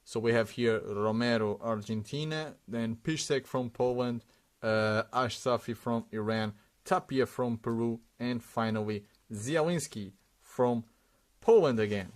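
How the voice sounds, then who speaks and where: A man's voice: mid-range voice, a little slow. A man hosting a sticker unboxing, giving casual running commentary and reading out names one after another with frequent hesitations.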